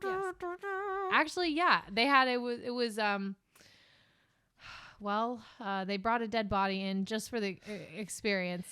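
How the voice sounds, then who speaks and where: A woman with a Californian accent tells rambling stories in casual podcast chat. Her voice is smooth and a touch high, and she swears freely and laughs easily. The mic is close and dry. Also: a little slow, pauses often, pushed and bright, dry recording. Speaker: podcast co-host.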